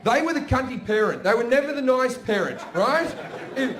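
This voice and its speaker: Brash Australian comedian, high and crude. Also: male voice, expressive, a little fast. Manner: crude, swearing storyteller with a brash delivery. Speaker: stand-up comedian. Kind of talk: stand-up comedy set. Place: comedy stage before a live audience. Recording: echoey live venue with audience noise.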